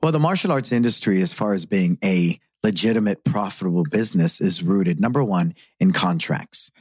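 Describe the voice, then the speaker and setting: A man's voice: deep voice, animated, normal speed, a little mellow, breathy edge, no echo. A middle-aged man from San Francisco, a martial arts school owner telling his story with earnest reflection in a podcast interview.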